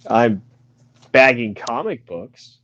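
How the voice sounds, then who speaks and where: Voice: mid-range voice, animated, slow pace, a bit bright. A person joining a game stream for casual chat, blunt and joking. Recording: dull lo-fi sound.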